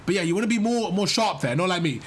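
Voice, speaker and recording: A man's voice: high voice, expressive, quick pace, slight background noise. A man coaching a player through gameplay, encouraging and explaining things step by step, often repeating himself. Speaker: gaming coach. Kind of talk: live coaching over gameplay.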